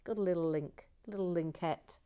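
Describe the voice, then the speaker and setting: A woman hosting a relaxed livestream, chatting softly while she builds, often drifting into a murmur. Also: lowish voice, moderate pace. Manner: soft and rambling, often dropping to a murmur, with frequent restarts. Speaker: livestream host building LEGO sets.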